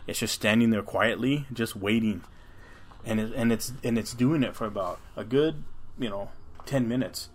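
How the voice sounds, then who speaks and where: Telling a creepy story to his podcast co-host, a man with a fairly deep voice rambles at a moderate pace and swears freely. He keeps backing up to restart sentences, and it feels like a relaxed chat between friends.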